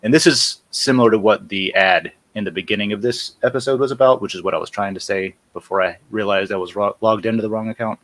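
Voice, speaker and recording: A man with a fairly low voice hosts a casual live stream. He talks viewers through a software demo, loose and chatty, and stops to fix his own windows and wording as he goes. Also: quick pace, hardly any pauses. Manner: casual, self-correcting while clicking through screens. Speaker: host.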